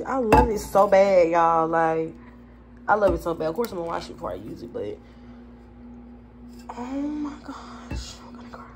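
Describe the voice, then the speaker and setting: A woman's voice: medium pitch, background noise. A young woman chatting to viewers in a casual home vlog, gushing and calling them y'all. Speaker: vlogger. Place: home bedroom, indoors.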